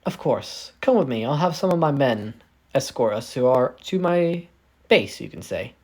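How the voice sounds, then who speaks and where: A man voicing a short, bald, scheming older man who speaks smoothly and coaxingly, reading a fan story aloud. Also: medium pitch, expressive, moderate pace, darkish tone, natural voice.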